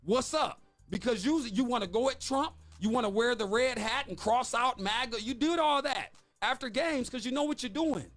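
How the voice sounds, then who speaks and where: A man's voice: very high voice, moderate pace, hardly any pauses, fairly bright tone, soft background music. A man co-hosting a morning radio talk show, arguing his point with emphatic rhetorical questions. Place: radio studio.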